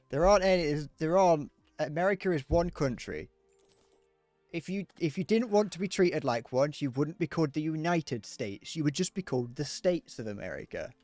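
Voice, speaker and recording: A man's voice: on the high side, expressive, moderate pace, a little mellow, no room sound, soft background music. A young man with a Northern Irish accent, chatting casually with viewers as a livestreamer, rambling and laughing at his own jokes. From Northern Ireland. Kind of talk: casual chat to viewers while gaming.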